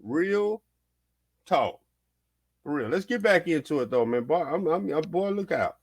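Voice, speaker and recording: A man's voice: fairly high pitch, measured pace. A man hosting a vlog, giving casual, heated reaction commentary, repeating himself and swearing as he riffs. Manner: animated, repetitive, swearing, heated. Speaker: vlog host.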